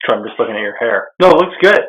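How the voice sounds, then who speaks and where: A young man hosting a loose chat with a friend, his pitch swinging widely as he teases. He swears freely and laughs often, pressing for answers. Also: expressive, rapid-fire, fairly bright tone, rough recording. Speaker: podcast host asking questions. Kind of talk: casual chat.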